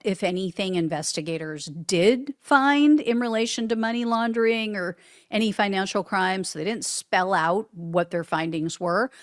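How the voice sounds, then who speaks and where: A woman's voice: medium pitch, dry recording, studio quality. A woman hosting a solo political commentary show, reading news quotes aloud and answering them with sarcasm. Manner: sarcastic, reads quotes then mocks them.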